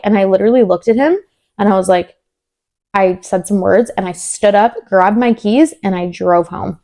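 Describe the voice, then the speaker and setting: Mellow-voiced young woman telling a story. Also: medium pitch, a little fast. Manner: animated, acts out quoted dialogue, many "like" fillers. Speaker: podcast co-host. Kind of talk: casual storytelling chat.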